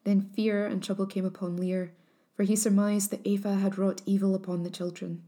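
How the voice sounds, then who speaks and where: Mellow woman narrating an old legend. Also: medium pitch, level tone, normal speed. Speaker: storyteller.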